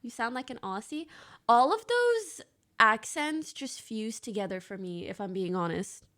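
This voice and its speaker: A woman streaming live, chatting casually with her viewers in a bubbly, talkative way and sometimes dropping to a soft whisper to herself. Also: on the high side, expressive, a little slow.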